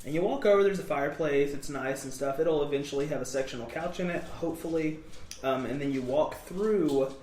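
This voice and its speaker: Recorded in an echoey room with slight background noise, a young podcast co-host chats casually, upbeat and rambling, full of "like" and "um." His voice sits on the high side, a little mellow and a little quick.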